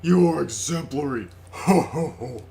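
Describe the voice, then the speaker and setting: A man voicing a calm, sinister male bird doctor in a video game, reading slowly and deliberately. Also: a little high, vocal fry, faint music behind. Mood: smug. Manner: measured, smug, slow and deliberate. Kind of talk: reading game dialogue aloud.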